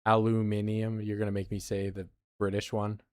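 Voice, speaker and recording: A low-pitched American man chats and jokes with his viewers while he plays, giving a loose, running commentary. A faint hiss of noise sits under his voice. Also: completely flat delivery, fairly quick, darkish tone. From United States. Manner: chatty, joking, talking to chat while playing. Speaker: game streamer. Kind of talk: casual gameplay commentary.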